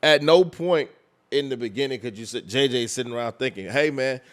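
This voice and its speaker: A man, a record label executive, talking in a casual interview, animated and restarting his phrases often. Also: mid-range voice, a little fast.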